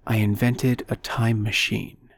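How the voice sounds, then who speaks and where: A man's voice: fairly low pitch, level tone, slow, fairly bright tone, heavily acted. A man reading the lines of a young woman physicist, urgent and breathless, in an audiobook.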